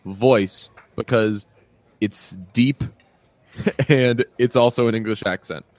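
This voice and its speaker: A podcast co-host, male, talks casually at a slow pace in a medium-pitched voice, rambling with plenty of fillers and laughter. There's no room sound in the recording.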